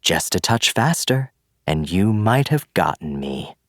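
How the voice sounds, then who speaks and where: A man's voice: low-pitched, sing-song, measured pace, dry recording, studio quality, heavily acted. A man voicing a composed, cackling male assassin who mocks his young opponent in a storybook reading. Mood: mocking. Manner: mocking and taunting.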